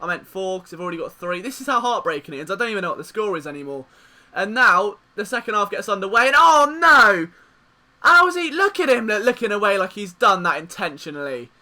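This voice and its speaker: Young lad, let's-play commentator: very high, very bright, excitable and jokey, faint game music underneath. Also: male voice, fast. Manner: excitable, jokey, swings from despair to cheering. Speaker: gaming commentator.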